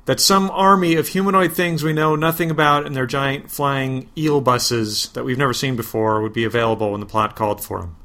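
A man hosting a podcast, reading a parody superhero story in a deadpan way, flatly spelling out web addresses and asides. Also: medium pitch, fairly quick, hardly any pauses. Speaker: podcast host.

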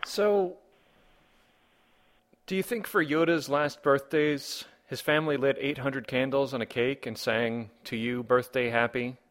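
A man's voice: medium pitch, fairly even intonation, measured pace, fairly bright tone. A man hosting a comedy podcast, reading listener comments and rambling through wry rhetorical questions. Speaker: podcast host.

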